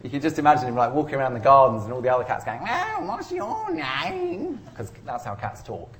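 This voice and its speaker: Brief: a male lecturer, casual and rambling, dry self-mocking jokes, middle pitch. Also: rapid-fire, a bit bright. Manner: chatty, rambling, self-deprecating humour. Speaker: university lecturer. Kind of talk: informal statistics lecture. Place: lecture room.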